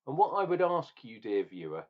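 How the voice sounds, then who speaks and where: A man's voice: medium pitch, very animated, fairly quick, narrow, tinny audio. A man ranting and tasting beer in a casual review vlog, opinionated and swearing now and then.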